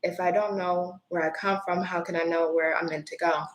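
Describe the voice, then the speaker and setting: A woman's voice: lowish voice, flat delivery, brisk, echoey room, low-quality recording. A woman giving a live-stream tarot reading, earnest and emotional, with apologetic asides. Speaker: tarot reader.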